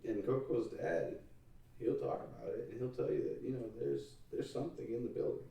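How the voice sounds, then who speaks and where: A man's voice: mid-range voice, lively intonation, fairly quick, vocal fry, far from the mic, dull audio. A man rambles through a story in casual podcast chat, cursing freely and laughing along the way. His voice sits in the middle range. He is set back from the mic in an echoing room. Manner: rambling storytelling, swears often, laughs a lot. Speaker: podcast host. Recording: roomy, off-mic sound.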